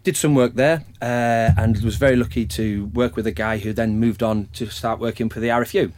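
A middle-aged man with a Northern English accent, talking as a guest about rugby coaching in a measured, plain-spoken way with frequent restarts. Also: medium pitch, steady tone, darkish tone, slight background noise. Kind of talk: casual podcast chat.

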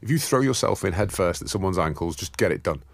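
A man with a Sunderland accent co-hosting a casual rugby chat, animated and jokey as he tells stories. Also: low-pitched, quick pace, vocal fry, dry recording, clean studio sound. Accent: Sunderland English. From England. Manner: animated storyteller, jokey banter. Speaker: podcast co-host.

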